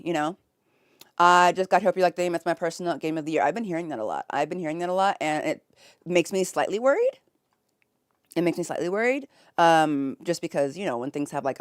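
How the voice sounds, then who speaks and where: A woman's voice: low-pitched, dry recording, clean studio sound. A young American woman streaming from bed, chatting casually with viewers, reading chat aloud and laughing often. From United States. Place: home, in bed.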